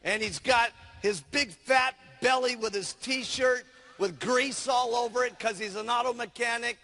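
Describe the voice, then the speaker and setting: A male sales trainer telling a story in an animated way, acting out the scenes with gestures. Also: very high voice, a little slow, in a large hall.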